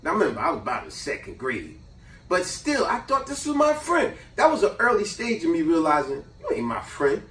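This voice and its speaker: A man hosting a casual chat, telling a childhood story in an animated, slangy way. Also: high voice, fairly quick. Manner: animated, slangy, acts out voices. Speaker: host. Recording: roomy echo, distant mic.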